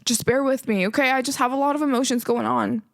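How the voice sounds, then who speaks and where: A woman's voice: sits high, fairly even intonation, fast, gravelly, no echo. A thirty-year-old woman hosting her own podcast, rambling emotionally and close to tears, swearing and filling gaps with "um" and "like". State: teary, close to crying. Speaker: podcast host. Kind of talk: casual solo podcast chat.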